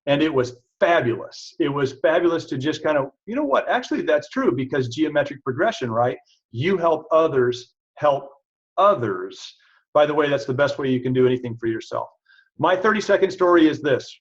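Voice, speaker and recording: A man, a chiropractor, giving a casual, chatty product talk to an audience, telling stories about himself with animated asides. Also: on the high side, normal speed, husky. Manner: chatty, self-deprecating, animated storytelling. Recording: dull lo-fi recording.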